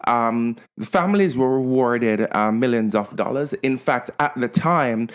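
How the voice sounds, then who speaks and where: A man's voice: mid-range voice, measured pace, clear, resonant tone. Man telling a story on a podcast. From Canada. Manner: storytelling, many restarts and fillers. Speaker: podcast co-host. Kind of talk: casual podcast chat.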